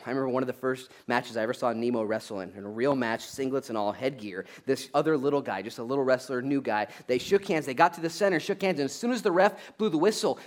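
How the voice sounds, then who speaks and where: A man preaching a conversational sermon in an animated, joking way, who drives his points home with a repeated "okay?" and breaks into loud acted-out asides. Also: medium pitch. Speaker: pastor.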